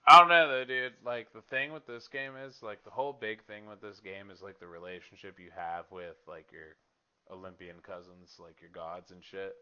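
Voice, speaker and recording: A man's voice: sits low, steady tone, moderate pace, pushed and bright, smooth, highs cut off. A young man hosting a podcast, chatting casually and profanely about a video game with lots of filler words. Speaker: podcast host.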